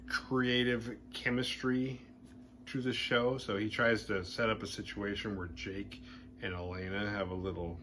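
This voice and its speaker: A man hosting a horror movie podcast, retelling a film's plot in a casual, animated and playfully crude way. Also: lowish voice, unhurried, noisy background.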